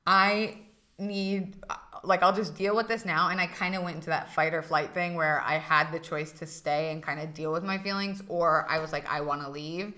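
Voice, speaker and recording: A woman's voice: lowish voice, normal speed. A young woman co-hosting a candid chat, talking frankly and swearing freely as she tells a personal story. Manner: frank and profane, animated retelling. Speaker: co-host.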